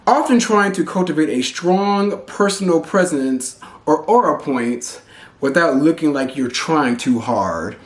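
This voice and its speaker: A man from Texas giving blunt, profane commentary to camera as a vlogger. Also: a little high. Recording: roomy echo.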